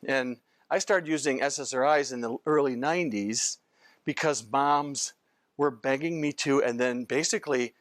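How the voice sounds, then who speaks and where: An older man lecturing as a physician in a loose, story-driven way, wandering off mid-sentence and circling back. His pitch sits in an ordinary middle range. The sound is dry and close, with no room echo. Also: moderate pace. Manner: rambling, anecdotal, often breaks off and restarts sentences. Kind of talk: informal training lecture.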